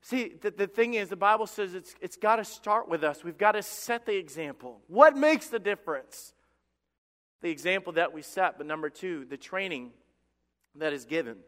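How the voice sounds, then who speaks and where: A man's voice: high-pitched, lively intonation, moderate pace, fairly bright tone. A man preaching a sermon as pastor, passionate and emphatic, often repeating words as he builds. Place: church sanctuary. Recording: long church reverb.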